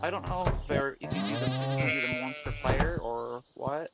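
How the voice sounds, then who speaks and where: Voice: mid-range voice, moderate pace. Pun-loving guest streamer, noisy audio. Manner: playful, fond of bad puns. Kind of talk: casual gameplay chat.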